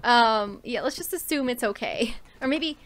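A woman's voice: fairly high pitch, moderate pace, a bit bright. A young woman streamer giving casual, emotional, chatty commentary on a game she plays. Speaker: gaming streamer. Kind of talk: casual let's-play commentary.

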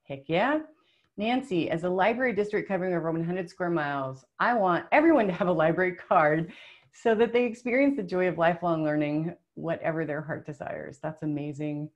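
A woman's voice: on the low side, a little fast, dull audio. Chatty, emotional woman presenting a webinar. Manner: upbeat, emotional, chatty with fillers. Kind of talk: live online workshop, reading participant answers.

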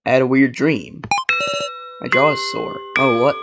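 A man's voice: mid-range voice, fairly even intonation, normal speed, vocal fry, over loud music. A man hosting a casual let's play, stammering and repeating words as he comments. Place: home desk with a noisy laptop. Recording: noisy home recording with clicks.

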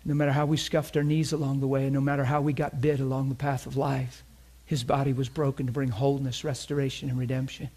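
A man preaching a sermon, telling a story with bursts of laughter and dropping to a hushed, reverent voice. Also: mid-range voice, fast, hardly any pauses. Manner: animated, laughs often, drops to a hushed tone for reverent parts.

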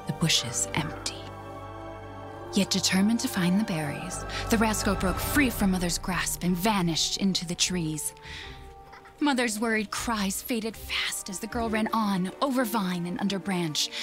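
Hushed low storybook voice of a woman narrating. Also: a little slow, close to an everyday voice. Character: young mother telling her baby a bedtime tale. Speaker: narrator and mother in a game. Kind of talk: storybook narration in a video game. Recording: music in the background.

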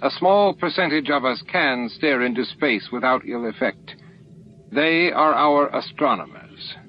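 A man voicing a kindly, wise alien elder who speaks in a measured way, on a lo-fi recording with faint hiss. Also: medium pitch, expressive, voice pushed up, close to an everyday voice.

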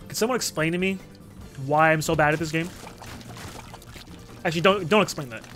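High, bright-voiced young man gaming. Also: brisk, faint music behind. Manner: excitable, jokey, swearing, sudden shouts. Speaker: gaming commentator. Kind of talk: let's play commentary.

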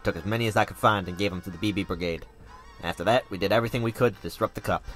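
A man's voice: on the low side, very fast, a bit bright, soft background music, close to an everyday voice. A man voicing an earnest, folksy middle-aged cowboy with a put-on Southern US drawl and homespun turns of phrase, over a game.

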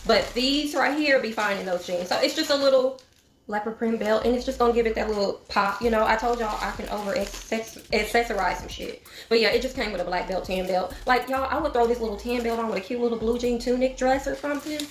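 A woman's voice: on the high side, fast talker, echoey room, a little hiss or hum. A middle-aged woman chatting casually to her viewers in a shopping haul video, talking to them directly as y'all. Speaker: vlogger.

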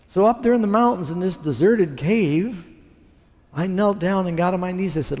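A man's voice: high-pitched, normal speed, a little mellow, long reverb tail. A man preaching his testimony, telling his story and acting out what he said back then. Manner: storytelling, acting out his own past words. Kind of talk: sermon testimony.

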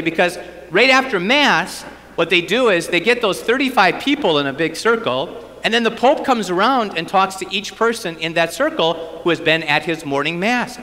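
High bright-voiced priest telling a story from the pulpit, echoey church. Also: male voice, normal speed. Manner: animated, acts out his own inner thoughts. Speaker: priest giving a parish mission. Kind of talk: storytelling sermon.

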